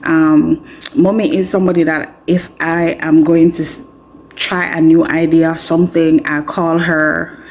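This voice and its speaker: A woman with a Jamaican accent, a law student vlogger telling candid stories to the camera in a chatty, expressive, frank and self-mocking way. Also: sits low, measured pace, slight background noise.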